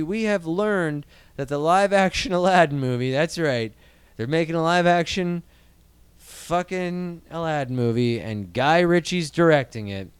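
A man's voice: fairly high pitch, smooth, no echo. A man in his thirties from Iowa, hosting a casual podcast and ranting animatedly about movie news, swearing freely. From Iowa, USA. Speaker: podcast host.

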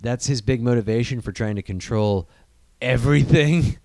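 A man's voice: mid-range voice, moderate pace, creaky, no echo. A man chatting casually on a podcast, rambling and swearing freely, often slipping into mocking impressions. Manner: rambling, profane, animated, jumps into mock voices. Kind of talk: casual chat.

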